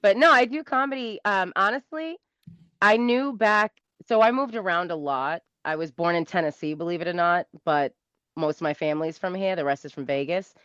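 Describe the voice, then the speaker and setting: A woman in her thirties with a South Shore Massachusetts accent, a comedian guest telling stories in a rambling, animated way and laughing often. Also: lowish voice, normal speed, clean tone, no room sound. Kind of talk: casual storytelling interview. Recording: dull lo-fi dry sound.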